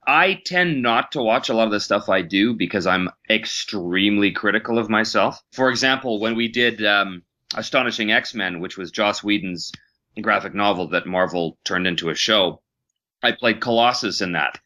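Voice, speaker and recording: A middle-aged man with a lower voice and a bright, forward tone, chatting casually as an interview guest. He tells stories about his work in a self-deprecating way and laughs often. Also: normal speed. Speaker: voice actor guest.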